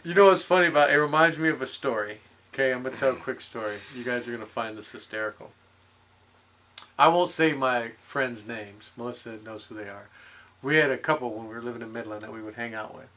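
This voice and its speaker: A man hosting a podcast, joking loudly in casual chat. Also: medium pitch, fast talker. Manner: loud, joking. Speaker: podcast host.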